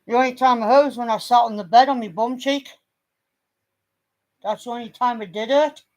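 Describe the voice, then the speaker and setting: A woman chatting casually on a home vlog. Her voice sits a little high, and she talks bluntly, teasing and swearing freely as she goes. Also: fairly even intonation, a little fast, darkish tone. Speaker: vlogger. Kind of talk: casual chat.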